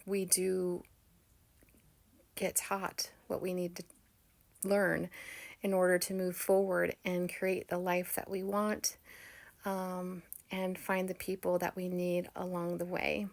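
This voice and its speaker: A woman's voice: lowish voice, gravelly. A woman vlogger telling a personal spiritual story in a chatty, earnest and heartfelt way.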